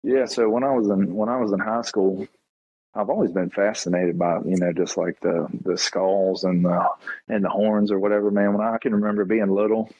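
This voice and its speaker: A man's voice: fairly low pitch, level tone, moderate pace, slightly rough, no room sound. A man in his thirties, a taxidermist guest, telling stories in a loose rambling way, saying "man" and "you know" a lot. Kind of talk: casual interview storytelling. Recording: dull lo-fi podcast audio.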